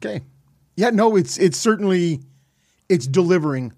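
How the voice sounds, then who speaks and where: A man's voice: high-pitched, lively intonation, normal speed, mellow, no room sound, clean studio sound. A man co-hosting a casual beer podcast, wry and joking, poking fun at himself. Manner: wry, joking, self-deprecating. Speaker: podcast co-host. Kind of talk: casual beer-tasting chat.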